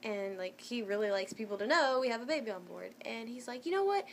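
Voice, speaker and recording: A young woman tells her viewers a personal story in a casual, chatty way, her voice a little high and fairly quick over slight hiss or hum. She's animated, using lots of fillers and restarting sentences.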